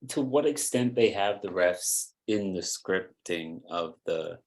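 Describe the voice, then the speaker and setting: A man's voice: low-pitched, animated, slow pace. A man with a New England accent co-hosting a podcast, talking in hesitant casual chat that trails off and restarts. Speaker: podcast co-host.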